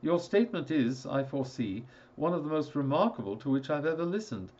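A man reading a story aloud, voicing a sharp, attentive Victorian detective with formal, crisp speech. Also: fairly high pitch, very animated, fairly quick, dull audio, pitched above the performer's own voice. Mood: intent.

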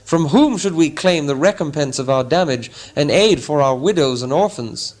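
A man voicing a scheming, defensive old town master who speaks loud and rhetorical in a storybook reading. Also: medium pitch, normal speed, lightly acted.

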